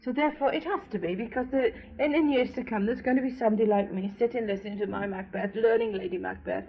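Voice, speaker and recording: A woman opera singer, a guest on a radio interview, telling lively anecdotes in a chatty way. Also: medium pitch, fast, vocal fry, slight background noise. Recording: dull lo-fi 1970s radio recording.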